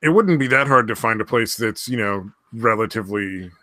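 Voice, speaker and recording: A man's voice: lowish voice, expressive, normal speed, pushed and bright, dry recording, clean studio sound. A man co-hosting a podcast, rambling in casual, profanity-heavy chat. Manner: rambling, swears a lot. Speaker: podcast co-host.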